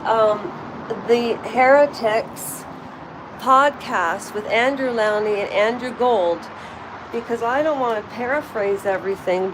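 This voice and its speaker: A woman's voice: on the high side, noisy background. A woman from Canada, hosting a casual live chat from home and rambling through asides and fillers. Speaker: livestream host. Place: at home while cleaning.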